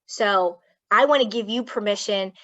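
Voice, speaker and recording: A woman's voice: medium pitch, normal speed, a bit bright, no echo. Blunt, plain-spoken woman swearing freely. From Philadelphia. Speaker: guest speaker, clinical psychologist. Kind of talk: candid personal storytelling to an audience. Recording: dull, dry lo-fi sound.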